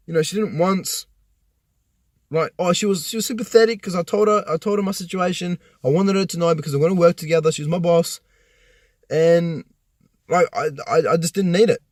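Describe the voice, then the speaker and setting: A man's voice: fairly high pitch, a little mellow, no room sound, clean studio sound. A young man vlogging from a parked car, telling a rambling, profane story full of restarts. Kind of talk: casual personal rant.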